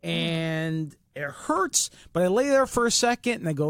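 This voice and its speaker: A man co-hosting a podcast, telling a story in an animated, laughing way. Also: on the high side, unhurried, gravelly, clean tone, no room sound, clean studio sound. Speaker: podcast co-host. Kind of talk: casual storytelling.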